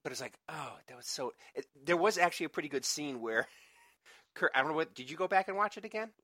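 A man's voice: a little high, animated, fast, pushed and bright, no echo. A man co-hosting a podcast, chatting casually and rambling with restarts and laughter. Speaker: podcast co-host. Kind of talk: casual chat.

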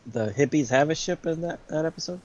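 A man's voice: fairly high pitch, darkish tone. Easygoing man who agrees readily, dull sound. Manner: enthusiastic, quick to agree. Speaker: podcast co-host. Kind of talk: casual chat.

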